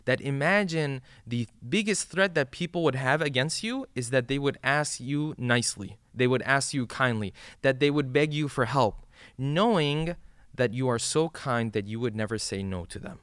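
A man's voice: mid-range voice, lively intonation, normal speed, fairly bright tone, clean tone, dry recording, clean studio sound. A man teaching listeners the meaning of a supplication, explaining each line in plain words and often checking in with "right?". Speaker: religious teacher.

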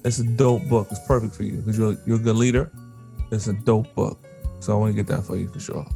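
A man co-hosting a podcast, running a quick quiz game in a playful, joking way and laughing often. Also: on the low side, fairly even intonation, vocal fry, mellow, faint music behind. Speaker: podcast co-host. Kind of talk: casual chat, quiz game.

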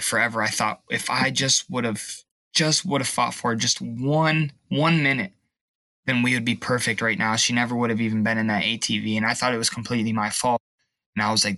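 A young man sharing a personal testimony in an interview, emotional and halting, at times tearful. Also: mid-range voice, sharp tone, no room sound. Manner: emotional, halting, pauses and restarts. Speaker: guest.

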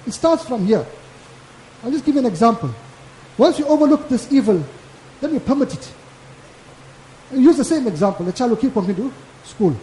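A man's voice: extremely high pitch, lively intonation, a little fast, long pauses, mellow, slight background noise. A man preaching a Friday sermon, casual in tone and repeating his points with emphasis. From South Africa. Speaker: maulana giving a Friday lecture. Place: mosque. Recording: echoey mosque hall.

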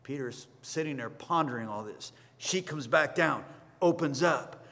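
A male pastor preaching a sermon, telling the story with animated energy and acting out the characters' lines. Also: a little high, unhurried. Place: church sanctuary. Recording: long hall reverb.

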